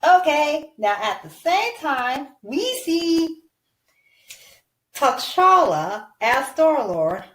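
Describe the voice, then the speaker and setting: Woman, toy-play narrator, high lively voice, excitable, slow delivery, echoey room. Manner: excitable, cheering and sound effects.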